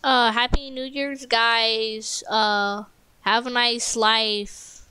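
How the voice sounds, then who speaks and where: A woman hosting casual gameplay commentary at a home computer mic, excitable, shrieking and joking while she plays. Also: fairly high pitch, very slow, clear, resonant tone, dry recording. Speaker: gaming channel host.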